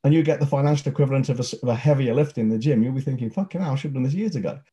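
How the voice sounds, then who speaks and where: A man's voice: medium pitch, racing, dark tone. A man co-hosting a casual podcast, blunt and sweary, often breaking into heated rants. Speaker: podcast co-host.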